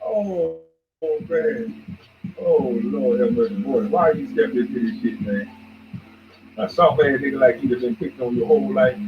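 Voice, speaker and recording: Animated ranting man on a lo-fi mic. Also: mid-range voice, normal speed, background noise. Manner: heated, mocking, swings between shouts and mutters. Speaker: podcast host. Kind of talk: profane ranting commentary. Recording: dull lo-fi recording.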